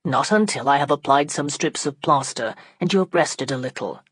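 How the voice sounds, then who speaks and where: A woman reading an audiobook, lowering her voice to play a calm, matter-of-fact male surgeon. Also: moderate pace, husky, no echo. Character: middle-aged male surgeon, calm and measured. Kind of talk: audiobook character voice.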